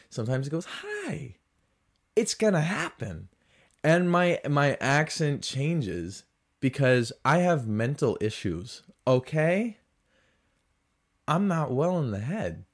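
A man hosting his own podcast, ranting casually and swinging between loud outbursts and muttered asides. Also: medium pitch. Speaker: podcast host. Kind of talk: casual solo rant.

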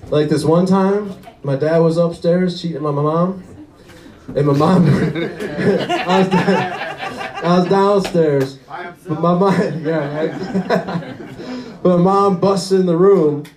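A man's voice: fairly high pitch, slow, echoey room, recorded from a distance, crowd noise, rough recording. A young man doing a rambling stand-up comedy set, often laughing at his own jokes.

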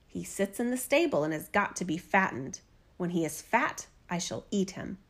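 A woman reading a fairy tale aloud, voicing a cruel old witch in a lower, gruff, scolding voice. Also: lively intonation, moderate pace, fairly bright tone. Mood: menacing. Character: wicked old female witch, cruel and greedy. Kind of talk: storybook reading.

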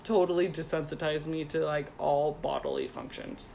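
A woman's voice: low voice, huge pitch swings, moderate pace, creaky, warm tone, a little hiss or hum. A woman in her thirties, co-hosting a podcast and telling a funny story in a giggly, chatty way, with lots of "like". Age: 30s. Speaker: podcast co-host. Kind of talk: casual chat and storytelling.

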